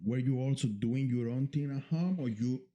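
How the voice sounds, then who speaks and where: A man hosts a podcast interview in a very dark, mellow voice. He asks his questions casually and hesitantly, with frequent restarts as he looks for the right words. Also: mid-range voice, dull audio. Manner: halting, searching for words while asking. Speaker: podcast host.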